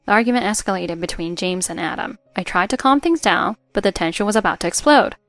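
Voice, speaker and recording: Calm woman narrating a family story. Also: medium pitch, fast talker, no echo, faint music behind. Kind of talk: scripted first-person narration.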